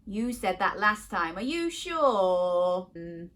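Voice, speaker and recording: Very animated woman teaching kids phonics. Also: medium pitch, slow. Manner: animated, sing-song, gasping with exaggerated surprise. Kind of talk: interactive lesson for young children.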